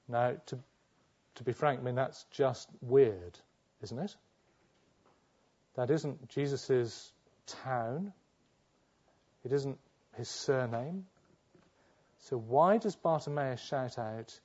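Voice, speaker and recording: A man's voice: medium pitch, lively intonation, takes it slowly, pauses often, darkish tone. Guy preaching a sermon, asks rhetorical questions, acts out the quotes, bit of a dull lo-fi recording.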